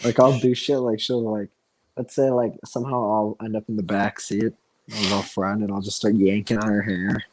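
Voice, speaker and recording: A man's voice: on the low side, flat delivery, normal speed, a little mellow, a little hiss or hum, rough recording. A man co-hosting a casual podcast, rambling through anecdotes with many fillers and casual swearing. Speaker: podcast co-host. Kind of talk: casual chat.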